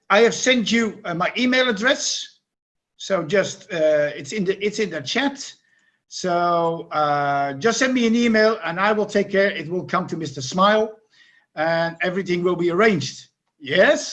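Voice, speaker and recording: A man co-hosting an online webinar over a video call, giving brisk instructions to participants. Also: sits high, bright, forceful tone. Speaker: webinar co-host.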